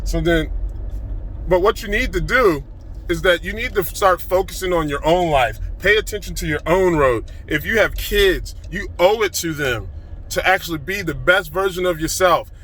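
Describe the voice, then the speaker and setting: A man giving an excited, emphatic motivational rant to his phone camera, recorded in a car. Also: high-pitched. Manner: excited, fast-flowing, emphatic. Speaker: vlogger.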